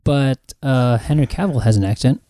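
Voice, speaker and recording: A man co-hosting a casual podcast about movie and TV news, talking in animated, jokey rants with plenty of swearing. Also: medium pitch, moderate pace, no echo. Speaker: podcast co-host. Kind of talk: casual chat.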